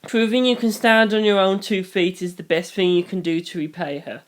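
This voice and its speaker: A reader voicing a loving, wise foster mother who speaks in a soft, steady, reassuring way, in a fan reading of a novel. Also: mid-range voice, normal speed, lightly acted. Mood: stern. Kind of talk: audiobook reading.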